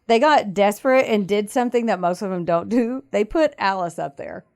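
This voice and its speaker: A woman's voice: mid-range voice, normal speed. A woman co-hosting a casual podcast, walking through a true-crime case in a chatty, storytelling way. She acts out the people she quotes and laughs often. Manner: animated retelling, acts out quotes, frequent laughter. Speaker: podcast co-host.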